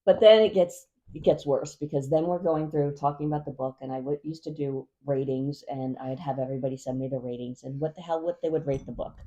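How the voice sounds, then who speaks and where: A woman telling a story in casual chat, lively, chiming in with quick quips. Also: sits low, dull audio. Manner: lively, heated, chimes in with quips. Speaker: podcast co-host.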